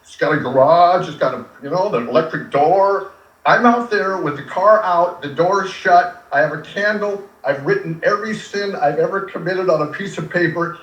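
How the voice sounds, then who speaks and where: A man's voice: sits high, moderate pace, highs cut off. Earnest older man, echoey and distant. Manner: animated, emotional and earnest. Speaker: radio personality guest. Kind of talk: conversational interview, storytelling. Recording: echoey room, distant from mic.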